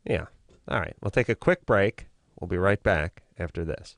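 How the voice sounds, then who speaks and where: A man's voice: sits low, moderate pace, background noise. A man co-hosting a late-night call-in radio show, riffing sarcastically. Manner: sarcastic, riffing comic delivery. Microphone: studio broadcast microphone.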